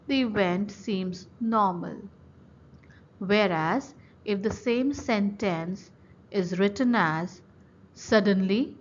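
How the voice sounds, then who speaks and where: A woman professor with an Indian English accent delivers a lecture at a slow, measured pace, setting out each point separately. Her voice sits at an ordinary middle pitch. The recording sounds a little muffled, with faint noise underneath. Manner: slow, deliberate, lists items one by one. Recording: slightly dull recording with faint background noise.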